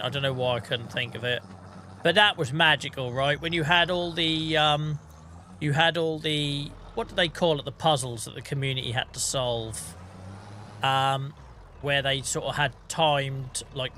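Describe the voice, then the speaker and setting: Bright-voiced man rambling on stream. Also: mid-range voice, slight background noise. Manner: rambling, self-deprecating, swears casually. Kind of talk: casual gaming stream chat.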